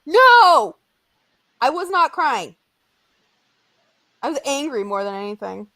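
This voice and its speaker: A woman's voice: fairly high pitch, unhurried. A woman in her twenties co-hosting a podcast, telling stories in casual chat and acting out what people said. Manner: animated, dramatic storytelling with acted-out quotes. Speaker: podcast co-host.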